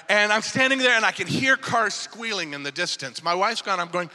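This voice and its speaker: A man preaches to his church in a high, very bright voice, and the sound carries a long reverb as if from a large church hall. He tells stories with lively energy, jumping from shouted exhortations to hushed, confiding asides. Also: a little fast, hardly any pauses. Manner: storytelling preacher, swinging from shouts to quiet asides. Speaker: pastor. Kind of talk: sermon.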